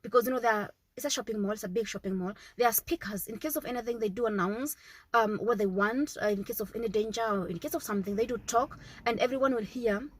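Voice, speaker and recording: Speaking fast in a high-leaning voice, this thirty-something mom and parenting vlogger offers casual, earnest advice straight to camera. She repeats herself and keeps asking "okay?", and the recording quality is low.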